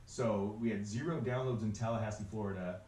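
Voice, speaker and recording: A man's voice: on the low side, fairly quick, dark tone, far from the mic. Brief: man podcast co-host, Southern Californian accent, loose rambly delivery, recorded off-mic in a roomy space with faint ambience. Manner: rambling, many fillers and restarts. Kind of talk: casual chat.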